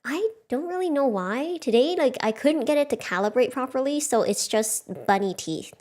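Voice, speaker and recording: A woman's voice: sits high, expressive, normal speed, a little mellow. A woman chatting casually as the host of a livestreamed book club. She is chatty and bubbly, laughs often, and talks into a desk mic.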